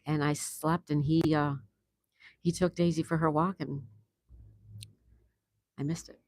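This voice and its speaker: A woman's voice: low-pitched, flat delivery, unhurried, darkish tone, no echo. A woman hosting a casual live stream, chatting and laughing as she greets viewers and answers their comments. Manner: laughs often. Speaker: livestream host. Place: home in Florida.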